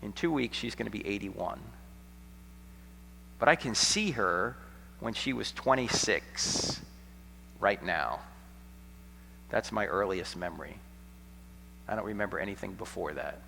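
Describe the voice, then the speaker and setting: Animated middle-aged man lecturing in a hall. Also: lowish voice, normal speed, gravelly, pauses often, slight background noise. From United States. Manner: dramatic storyteller, swings from hushed to shouting, sarcastic. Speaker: Christian apologetics speaker. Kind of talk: lecture to a college audience. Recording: long hall reverb.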